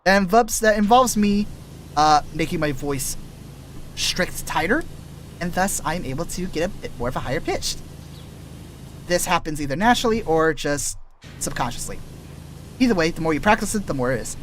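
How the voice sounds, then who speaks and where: This streamer's voice sits fairly high, with lively intonation, a normal speed, long pauses and a slightly bright tone. Chatting casually as he plays, he trails off and restarts often, explaining voice-acting tricks like an easygoing teacher in a dry, scratchy voice.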